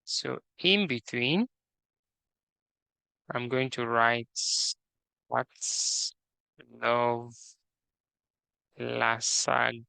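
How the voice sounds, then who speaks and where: Slow gravelly guy walking through a coding lesson, bright tone, dry close mic. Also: mid-range voice, fairly even intonation, no room sound. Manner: slow, methodical, reads task instructions aloud. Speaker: coding tutor. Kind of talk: screen-recorded coding tutorial.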